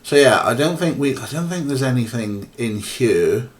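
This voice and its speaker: A man's voice: mid-range voice, lively intonation, moderate pace. A man streaming a point-and-click game, talking casually and rambling with many fillers while chatting to viewers and his cats. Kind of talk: casual let's-play commentary.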